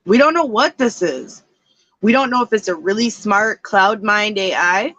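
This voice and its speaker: A woman's voice: medium pitch, expressive, moderate pace, a bit bright, no room sound, dull audio. A woman co-hosting a podcast, telling a story in a loose, rambling way with lots of fillers. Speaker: podcast co-host. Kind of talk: casual chat.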